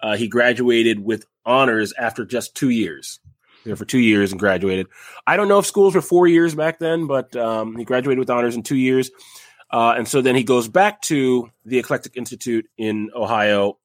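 A man's voice: medium pitch, moderate pace, no echo. Podcast host, male, young adult, casual rambling storyteller, dry close mic. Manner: rambling, frequent fillers and restarts, jokey asides.

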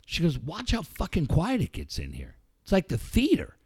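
A man in casual chat, telling a profane, animated story to a friend. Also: a little high, normal speed, slightly rough, no echo, studio quality. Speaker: podcast co-host telling a story.

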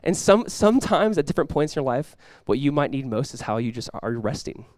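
A man's voice: medium pitch, sing-song, fairly quick, a little mellow, no room sound. A man preaching a sermon as pastor, talking casually with the congregation and rising into emphatic bursts.

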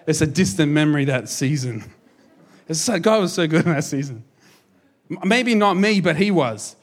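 A man in his thirties, a pastor, preaching a sermon in an energetic, jokey, conversational way. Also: on the high side, moderate pace.

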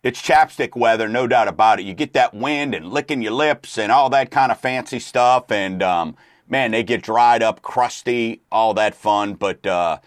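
A man's voice: medium pitch, normal speed, no room sound, studio quality. Laid-back rambling man. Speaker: radio show host. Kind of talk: casual chat.

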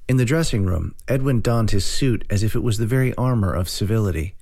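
A man narrating an audiobook in a steady, dry storytelling way. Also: lowish voice, a little fast, vocal fry, hardly any pauses.

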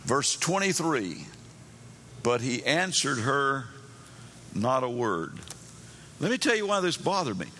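A man's voice: medium pitch, very animated, takes it slowly, long pauses, bright, forceful tone, slight background noise. A man preaching a sermon, telling Bible stories and acting out the characters' pleas in a raised voice. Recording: long hall reverb.

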